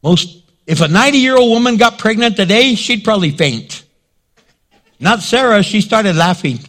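A man's voice: high-pitched, lively intonation, moderate pace, fairly bright tone. A male pastor preaching a sermon in a dramatic way, acting out scenes and quotes.

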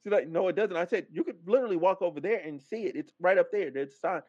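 A man hosting a podcast, telling a story as a casual rant, animated and profane, acting out the other people's lines. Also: sits high, quick pace, dry recording. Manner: animated, profane, acts out quoted dialogue. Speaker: podcast host. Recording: dull, dry lo-fi mic sound.

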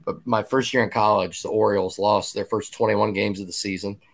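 A man in his fifties hosting a casual podcast, talking conversationally with restarts and quick asides. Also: lowish voice, fairly even intonation, gravelly. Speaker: podcast host.

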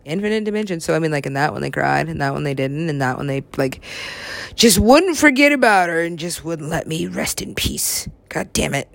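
Giggly, lively woman rambling casually. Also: low-pitched, fairly quick, creaky, no room sound. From US West Coast. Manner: giggly, swears a lot, acts out silly voices.

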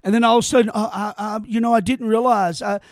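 A man's voice: high-pitched, steady tone, fast talker, no echo. A man giving an opinion monologue in an emphatic, rhetorical way, often repeating his phrases. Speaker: commentator.

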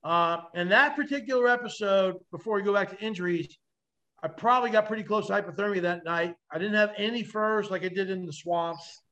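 A man guesting on a podcast, telling animated stories with vivid, salty language and acting out the voices of others. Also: high-pitched, brisk, dull audio. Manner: vivid, acts out quoted voices, swears freely. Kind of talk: animated storytelling.

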